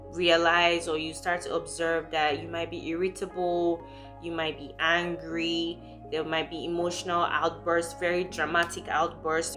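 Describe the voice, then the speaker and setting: A young woman from Nigeria, talking candidly and emotionally in a personal vlog, quick and full of fillers. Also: fairly low pitch, fairly bright tone. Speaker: vlogger.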